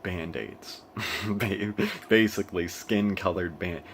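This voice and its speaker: A young man from the United States talks off the cuff in a very low voice, tripping over his own sentences and laughing as he goes. A faint hiss of noise sits under the recording. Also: slow pace. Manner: rambling, with frequent restarts and laughs. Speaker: vlogger. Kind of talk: casual monologue. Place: living in Asia.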